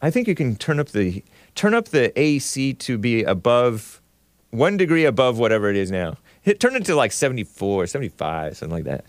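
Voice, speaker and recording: A man's voice: medium pitch, sing-song, a little fast, no echo. A man hosting a call-in talk show, joking and laughing often as he chats. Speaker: radio show host.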